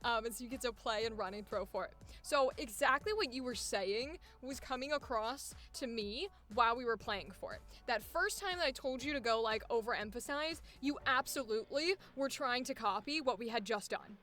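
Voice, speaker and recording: A woman coaching voice actors, talking in an energetic, emphatic way with easy laughs and casual swearing. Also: on the high side, moderate pace, hardly any pauses, soft background music. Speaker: voice acting coach. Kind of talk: coaching session.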